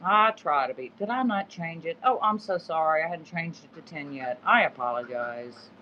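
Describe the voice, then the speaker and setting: A middle-aged man runs a casual live-stream sale from home, rambling and often correcting himself as he goes. His voice sits fairly high for a man. The phone audio sounds dull and lo-fi, with faint background noise. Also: animated, normal speed. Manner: rambling, self-correcting, easygoing. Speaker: live-stream auction seller. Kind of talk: casual live-selling chat. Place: home in the woods.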